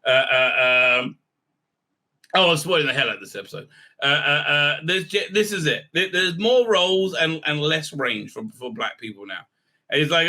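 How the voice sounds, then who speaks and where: Bright-voiced man rambling through a recap. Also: on the high side, expressive, moderate pace. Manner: hesitant, heavy on fillers, irreverent. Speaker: video reviewer.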